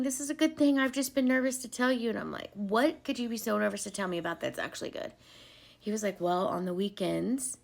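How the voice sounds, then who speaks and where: A woman talks casually to camera, telling a personal story with plenty of ums and bursts of laughter. Her voice sits at a middle pitch with a noticeable gravelly fry. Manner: chatty, with frequent ums and laughs. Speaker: vlogger sharing a faith testimony.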